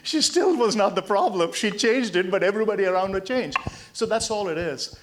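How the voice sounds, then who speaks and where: Sixties guy from india doing a motivational talk, emphatic storyteller, goes loud then quiet, voice sits kinda high. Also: wildly swooping pitch, moderate pace. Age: 60s. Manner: emphatic storyteller, swinging between loud punchlines and quiet asides. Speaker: motivational speaker. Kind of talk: motivational talk to hospital staff.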